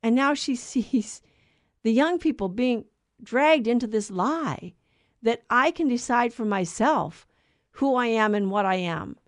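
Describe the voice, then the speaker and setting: A woman's voice: a little high, expressive, unhurried, dry recording, clean studio sound. Earnest woman co-host telling a faith lesson. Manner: earnest storyteller who acts out quoted voices. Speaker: co-host of a Catholic talk show. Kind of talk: conversational faith teaching.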